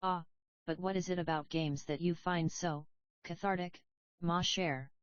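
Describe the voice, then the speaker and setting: A woman voicing a curious, gentle French man in a storybook reading, on a dull lo-fi recording. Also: fairly low pitch, fairly even intonation, measured pace, dry recording, lightly acted.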